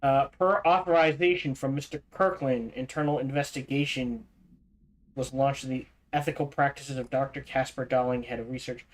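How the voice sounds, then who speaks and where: A man livestreaming a game, reading in-game documents aloud quickly, stumbling over words and restarting, with casual asides in between. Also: medium pitch, fairly even intonation, poor audio. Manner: reads fast, stumbles and restarts, adds asides. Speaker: streamer.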